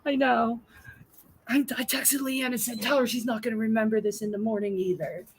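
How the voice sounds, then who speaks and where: A woman co-hosting a casual live-stream chat, animated and teasing, laughing often. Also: a little high, brisk, rough recording.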